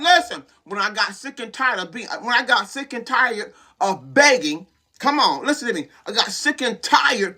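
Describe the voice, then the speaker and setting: A woman's voice: on the high side, expressive, moderate pace, pushed and bright. A woman hosting a live-streamed empowerment show, preaching with call-and-response declarations and constantly urging "listen" and "come on". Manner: exhorting, repeats "listen" and "come on". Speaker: host and preacher.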